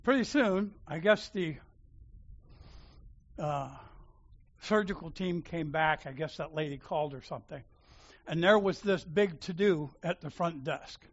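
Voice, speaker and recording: Animated preacher man, lo-fi. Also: fairly high pitch, unhurried, long pauses. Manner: animated, acts out dialogue, chuckles. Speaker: church elder. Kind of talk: sermon storytelling. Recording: dull lo-fi sound.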